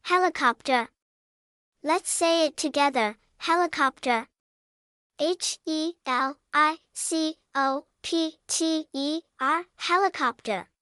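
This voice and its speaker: A woman narrating a scripted vocabulary lesson for young children, spelling words out slowly and adding playful sound words. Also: sits high, dry recording, studio quality. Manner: slow, even spelling-out with cheerful sound words. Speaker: vocabulary teacher.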